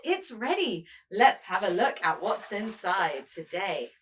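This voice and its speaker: Animated woman teacher talking to toddlers. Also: mid-range voice, a little hiss or hum. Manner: slow, sing-song and animated, speaking to small children. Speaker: preschool teacher. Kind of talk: show-and-tell lesson for toddlers.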